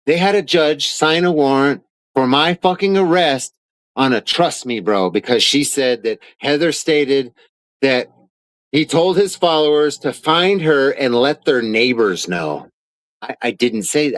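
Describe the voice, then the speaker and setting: Slightly slow yet animated, this man's mid-range voice comes through a rough recording without echo. In an angry live-stream rant from his home studio, he reads arrest papers aloud, swears frequently, and indignantly denies the claims.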